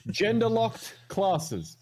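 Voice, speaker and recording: High-voiced Australian man ranting about games. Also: huge pitch swings, extremely slow, noisy background. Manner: ranting, profane, mocking quotes. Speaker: podcast co-host. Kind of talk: casual gaming chat.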